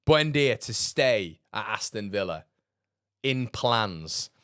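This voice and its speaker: Male football streamer, low voice, dry close sound, blunt and sarcastic. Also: big pitch swings, takes it slowly, a bit bright, smooth, no room sound. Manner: blunt, sarcastic, laughs often. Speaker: football fan channel host. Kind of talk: casual livestream chat reading comments.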